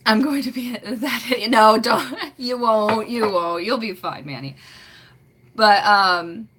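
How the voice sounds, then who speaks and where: A woman's voice: fairly high pitch, takes it slowly, background noise. A woman in her late twenties chatting casually on a live stream from home, rambling and giggling with lots of fillers. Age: late 20s.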